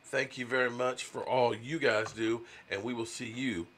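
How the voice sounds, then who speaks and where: A man hosting a relaxed live stream, his voice bright and forward. He chats easily, thanks viewers and reads out their messages one by one. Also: medium pitch, moderate pace. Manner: laid-back, reads out super chats. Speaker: host. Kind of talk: casual live-stream chat.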